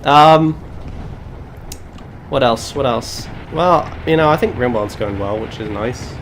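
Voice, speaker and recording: A man at mid pitch talking through a live game stream, full of sarcastic asides and self-mocking jokes. A faint hum of noise sits behind his voice. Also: slow. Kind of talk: live gaming stream chat.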